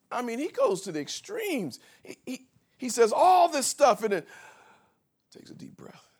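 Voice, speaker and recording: Animated high-voiced male preacher. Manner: dramatic preaching, swings between soft asides and shouted emphasis; drawn-out emphatic words with pauses. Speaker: pastor. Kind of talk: sermon.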